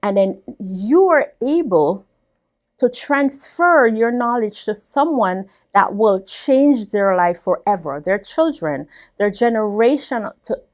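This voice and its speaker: A woman's voice: mid-range voice, expressive, slow. A woman business owner being interviewed, telling her story emphatically and repeating words as she builds.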